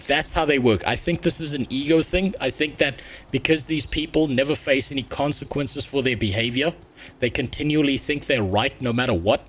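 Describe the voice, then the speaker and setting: A man's voice: medium pitch, normal speed, slight background noise. A man streaming a game, ranting bluntly and swearing freely in casual chat. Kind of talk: casual livestream gameplay chat.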